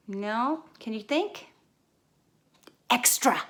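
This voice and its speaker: Speaking slowly and leaving long pauses, a woman teaches children spelling through little guessing games built on everyday things. Her somewhat high voice rises and falls dramatically, and she remains patient and playful in a reverberant space.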